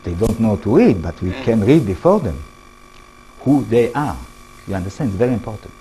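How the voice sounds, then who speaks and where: An older man with an Israeli accent giving a lecture to an audience, in halting English, often restarting words and asking the listeners questions. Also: fairly low pitch, very animated, dark tone, soft background music, low-quality recording. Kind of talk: public talk to an audience.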